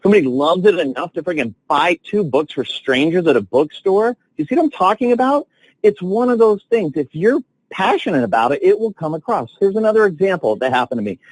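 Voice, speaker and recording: A man coaching salespeople on a training call, telling stories with excitement and lively swings in his voice. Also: sits high, a little fast, no echo, rough recording. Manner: enthusiastic, animated storytelling with big swings.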